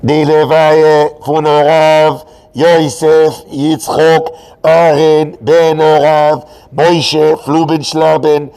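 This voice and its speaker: A man imitating a street announcer calling out a funeral in a rapid, chanted delivery. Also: fairly high pitch, little pitch movement, darkish tone, clean tone, long reverb tail, pitched below the performer's own voice, close to an everyday voice. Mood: announcing.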